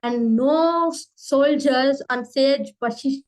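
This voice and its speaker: A woman telling a spiritual story in a slow, earnest way, addressing her listeners. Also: sits high, a little mellow, poor audio.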